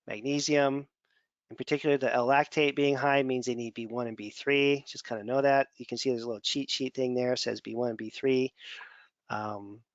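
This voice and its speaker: A functional medicine instructor gives a casual lecture over slides in a medium-pitched voice, on a dull, dry recording with no echo. He's conversational and digressive, repeating words as he thinks.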